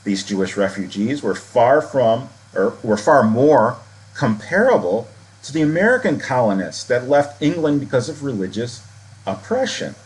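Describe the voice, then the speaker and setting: A man's voice: mid-range voice, sing-song, normal speed. A man hosting a podcast, giving opinionated commentary on a book at length, with some false starts. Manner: opinionated, explains at length with restarts. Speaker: podcast host.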